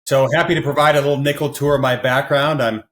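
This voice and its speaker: Animated male storytelling guest. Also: medium pitch, quick pace. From American Midwest. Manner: animated storyteller who acts out quoted voices. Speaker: podcast guest. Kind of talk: storytelling in an interview.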